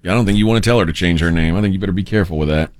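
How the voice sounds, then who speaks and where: A man's voice: low-pitched, very fast, a little mellow, dry recording. A man co-hosting a radio show, chatting casually with loose, rambling storytelling.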